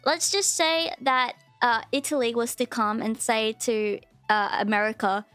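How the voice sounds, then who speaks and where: A woman's voice: fairly high pitch, steady tone, a little slow, fairly bright tone, clean tone, no echo, faint music behind. A woman with an Australian accent chatting casually to her livestream viewers in a rambling way that is full of restarts. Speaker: VTuber streamer.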